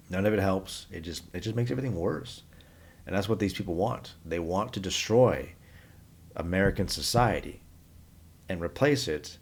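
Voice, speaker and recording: A man's voice: deep voice, a little mellow. A man giving a blunt, opinionated solo monologue to camera as a vlogger, rambling and restarting his sentences as he goes.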